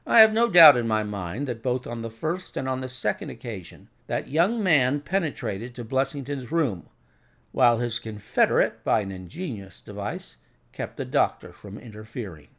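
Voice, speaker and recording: A man doing a sure, gravelly detective. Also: mid-range voice, big pitch swings, moderate pace, a bit bright. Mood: reasoning. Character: sharp, confident male detective.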